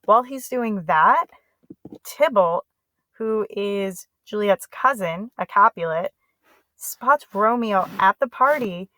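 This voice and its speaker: A woman's voice: mid-range voice, expressive, takes it slowly, pushed and bright, no room sound, poor audio. A woman teacher giving a casual, chatty lesson summary in slangy everyday speech.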